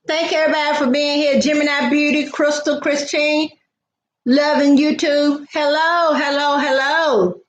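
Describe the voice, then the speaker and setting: An older woman hosts a casual livestream chat in a high-pitched, flat, unhurried voice with noticeable reverb. She greets viewers by name and wanders off into chatty asides about her family.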